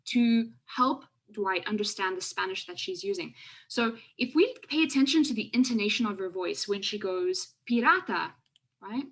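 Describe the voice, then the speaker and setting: A woman's voice: mid-range voice, a bit bright. A woman researcher giving an online lecture over a video call, explaining classroom clips with many fillers and restarts. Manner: halting, frequent fillers and restarts. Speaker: education researcher presenting a webinar. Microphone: video call with screen sharing.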